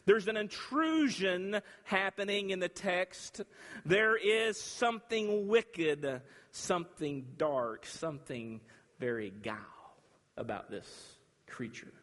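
A man preaching a sermon, emphatic and dramatic, with long pauses between phrases. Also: high voice, expressive, a bit bright. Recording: reverberant hall.

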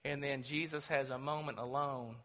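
A man preaching a sermon, telling the story dramatically and swinging between loud and hushed. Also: mid-range voice, fairly even intonation, moderate pace. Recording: long reverb of a large hall.

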